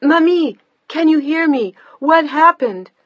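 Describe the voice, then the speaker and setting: A narrator voicing a frantic mother calling overseas, urgent and pleading, shouting into a bad phone line. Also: medium pitch, moderate pace, slightly rough, no echo, lightly acted.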